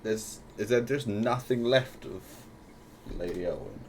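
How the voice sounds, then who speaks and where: A man's voice: on the low side, animated, measured pace, slight background noise. A man playing in a tabletop game, hesitant and casual with small jokes. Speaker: player. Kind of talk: tabletop role-play.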